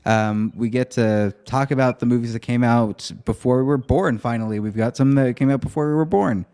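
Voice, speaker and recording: Casting: young male podcast co-host, mid-pitched, jokey, fake-outraged banter. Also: brisk, dark tone, clear, resonant tone. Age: young adult. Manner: joking, playfully mock-angry. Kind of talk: casual chat.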